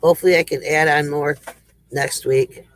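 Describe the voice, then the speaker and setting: A man's voice: fairly high pitch, steady tone, moderate pace, fairly bright tone, dry recording, low-quality recording. A man hosting a casual livestream joke segment, folksy and rambling, chuckling between lines.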